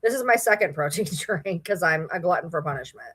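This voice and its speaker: A woman's voice: fairly low pitch, lively intonation, brisk, fairly bright tone, husky. A woman from Michigan with a Michigan accent, chatting casually on a livestream, rambling and answering viewer comments. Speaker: livestream host.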